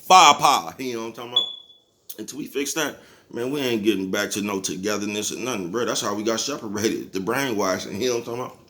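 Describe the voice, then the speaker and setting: A man's voice: on the low side, fast talker, bright, forceful tone, slight background noise. Male vlogger, casual motivational rant, easygoing and salty, laughs between lines. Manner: laid-back, chuckles often, keeps asking "you know what I'm talking about?"; profane, preachy street talk.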